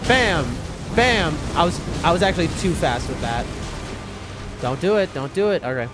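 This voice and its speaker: Excitable high-voiced male game streamer. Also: moderate pace. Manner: excitable, talks to chat, yelps and mutters. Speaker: gaming streamer. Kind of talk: live gameplay commentary. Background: game music.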